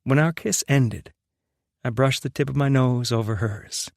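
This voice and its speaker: A young man narrating a romance audiobook in the first person, in a soft, unhurried, intimate way. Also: medium pitch, vocal fry, dry recording, studio quality.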